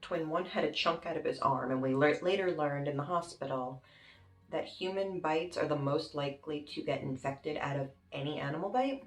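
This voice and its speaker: Young woman vlogging a crazy story, animated and sweary, lowish voice, echoey room. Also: moderate pace. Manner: animated, dramatic retelling with swearing. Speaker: YouTuber. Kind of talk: casual storytime. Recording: roomy with faint music.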